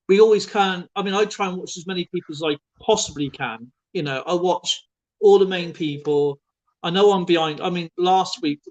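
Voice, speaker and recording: A man chatting loosely on a live stream, his voice pitched a touch higher than most men's. He rambles, doubles back and fills pauses with ums and you-knows as he talks. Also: a bit bright. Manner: rambling, with many fillers and restarts. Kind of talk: casual chat.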